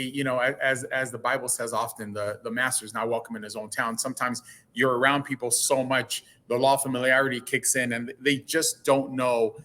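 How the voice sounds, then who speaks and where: A man's voice: medium pitch, pushed and bright. A man speaking as a guest in a casual interview, earnest and often repeating and restarting his words.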